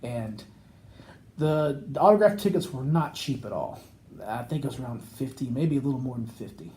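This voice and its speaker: Man telling a rambling story, warm dark tone. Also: mid-range voice, moderate pace. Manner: rambling, animated anecdote with acted quotes. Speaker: podcast co-host. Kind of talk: casual storytelling chat.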